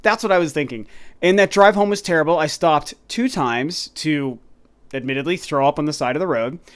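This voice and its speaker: A man in his thirties, a gaming YouTuber, telling a long rambling story to his viewers in a casual, animated way. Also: a little high, brisk, smooth. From Colorado, USA. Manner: animated, rambling, addresses viewers as "you guys".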